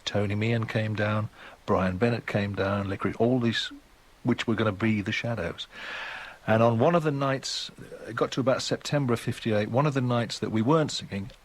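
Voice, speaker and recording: A Geordie man in his sixties, a guest musician on a radio interview, speaks in a lowish, husky voice at normal speed. He tells long, rambling, chatty anecdotes.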